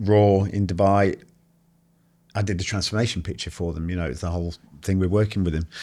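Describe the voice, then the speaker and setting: A man, a podcast guest and author, telling animated anecdotes full of swearing and acted-out quotes. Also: fairly low pitch. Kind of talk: casual storytelling conversation.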